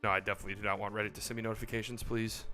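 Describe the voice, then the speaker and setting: A man hosting a casual livestream, talking excitably and swearing freely as he acts out mock phone calls. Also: lowish voice, racing, soft background music. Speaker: livestream host.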